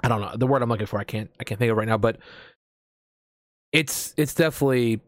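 A man's voice: medium pitch, fast talker, no room sound, studio quality. An American man in casual chat as a host, rambling with lots of fillers and casual swearing. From United States.

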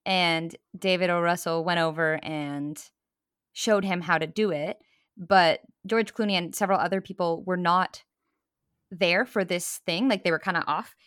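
A woman's voice: on the low side, steady tone, normal speed, a bit bright, clean tone, no room sound, studio quality. Blunt woman co-host in casual chat. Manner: conversational, blunt, with fillers. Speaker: podcast co-host.

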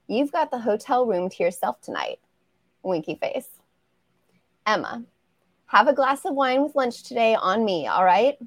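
A woman's voice: fairly high pitch, dry recording. A woman who writes romance novels, reading her own chapter aloud as a guest on a podcast over a video call. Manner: casual, laughs easily between lines.

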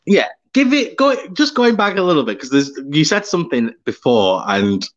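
A man's voice: fairly high pitch, sing-song, normal speed, dull audio. A man hosting an interview podcast, playful and teasing with his guest. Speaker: podcast host. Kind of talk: casual interview chat.

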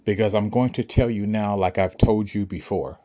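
A man's voice: fairly low pitch, steady tone, normal speed, mellow. A man speaking to listeners in an emphatic, preachy monologue, often asking if they understand. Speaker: spiritual speaker. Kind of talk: motivational monologue to an audience.

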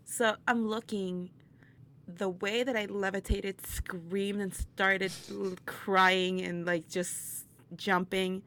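A woman guest in a casual interview, telling a story in an animated way, laughing often and acting out what people said. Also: mid-range voice, slow. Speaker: interview guest, burlesque performer.

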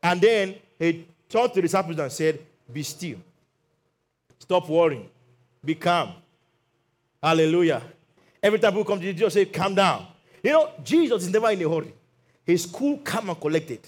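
A male pastor talks fast in a high-pitched voice as he preaches. He tells Bible stories with animation, acting out the quotes and calling for amen.

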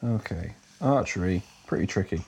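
A man's voice: low voice, animated, moderate pace, a little mellow, breathy edge. A man giving casual, profane commentary while playing a game, muttering asides and repeating curses at enemies. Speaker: gamer playing through a retro game. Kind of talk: casual let's-play commentary.

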